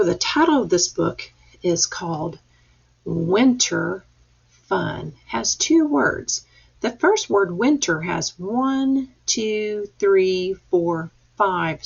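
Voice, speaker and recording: A woman's voice: medium pitch, expressive, slow, gravelly, slightly rough. A woman teacher leading a reading lesson for young children, patiently sounding out letters and words. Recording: dull lo-fi recording.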